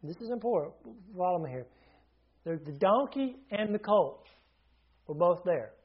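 A man with a somewhat high voice preaches a sermon, teaching in a loose, chatty way. He keeps asking his listeners questions and restarts his sentences, and the recording sounds muffled and lo-fi. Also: lively intonation, moderate pace, husky.

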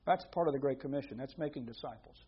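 A man preaching a sermon in a conversational way, with rhetorical questions, dropping to a hush and then rising to emphatic points. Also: medium pitch, fast, slightly rough, muffled recording.

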